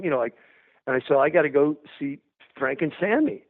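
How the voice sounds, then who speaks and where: A man telling an animated, profane anecdote and acting out what people said. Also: on the high side, fairly quick. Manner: profane, energetic, acts out dialogue. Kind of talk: animated storytelling. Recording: tinny phone-like sound.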